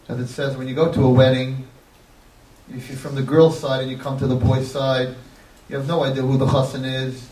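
A man's voice: mid-range voice, a little mellow, slight background noise. A man preaching an impassioned sermon that builds into crying pleas. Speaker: rabbi. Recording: echoey, distant mic, faint ambience.

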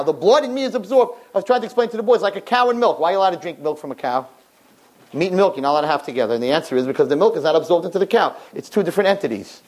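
A woman in her fifties giving a Torah class, animated, rhetorical and fast-talking. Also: low voice, breathy edge.

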